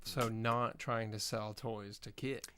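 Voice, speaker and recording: A man's voice: lowish voice, fairly even intonation, slow pace, sharp tone. A man co-hosting a casual podcast, making wry, sarcastic interjections. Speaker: podcast co-host. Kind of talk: casual chat.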